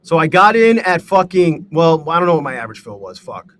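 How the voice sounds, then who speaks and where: A man's voice: on the high side, sing-song, fairly quick, fairly bright tone. A man hosting a live day-trading stream, talking to his chat in a profane, exasperated rant. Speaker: livestream host and day trader.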